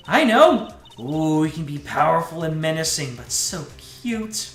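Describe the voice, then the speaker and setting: A man voicing a sweet, doting young woman who coos and pleads in a breathy voice, in an echoey room. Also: fairly high pitch, lively intonation, unhurried, soft background music. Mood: cooing.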